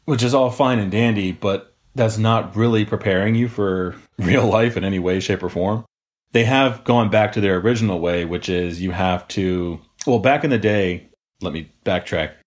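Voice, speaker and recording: A man's voice: on the low side, moderate pace. A man co-hosting a podcast, telling stories from his deputy days in a casual, profane, laughing way. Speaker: podcast co-host, former jail deputy.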